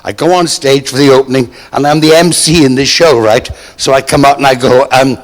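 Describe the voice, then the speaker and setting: A man's voice: mid-range voice, steady tone, fairly quick, in a large hall. Older british man, theatrical storyteller, live audience anecdotes, acts out quotes. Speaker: storyteller on stage.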